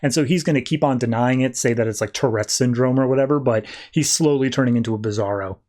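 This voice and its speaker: A man's voice: mid-range voice, fast, mellow. Rambling man recapping comics casually. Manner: loose and rambling, heavy on "like" and "uh" fillers. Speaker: podcast host.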